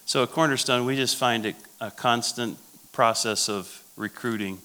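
A man's voice: medium pitch, fairly even intonation, moderate pace, pushed and bright, clean tone. A man, a pastor, giving a sermon-style leadership talk at a conference, telling stories and repeating his key phrases. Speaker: pastor speaking at a church conference.

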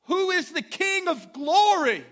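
A man voicing a slow-tongued Southern man in his late forties who reads scripture aloud in awe, crying and shouting it out with a thick Southern drawl. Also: very high voice, big pitch swings, voice pushed up, full character voice. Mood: wondering. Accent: American Southern drawl.

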